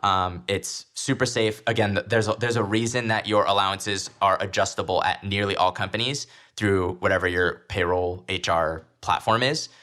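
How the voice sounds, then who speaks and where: Young male podcast host, lowish voice, casual money talk, laughs easily. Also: steady tone, moderate pace, hardly any pauses, pushed and bright. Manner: laughs easily, chatty with filler ums. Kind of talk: casual finance chat.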